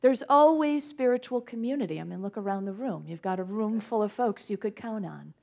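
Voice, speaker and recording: A woman's voice: mid-range voice, animated, fairly quick, vocal fry, darkish tone. A woman minister giving a conversational sermon in a church, laughing often as she retells scripture. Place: church sanctuary with congregation.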